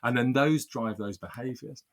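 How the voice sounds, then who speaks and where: A workplace mediator answers interview questions earnestly, often repeating words when he restarts and building up lists of phrases. His voice is mid-range and he speaks at a normal speed.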